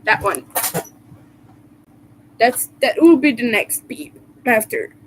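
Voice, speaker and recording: Slow-talking giggly woman streamer. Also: on the high side, very animated, slight background noise, poor audio. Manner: giggly, laughs often and hard; rambling, restarts and fillers. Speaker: crochet livestreamer. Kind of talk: casual live-stream chat with viewers.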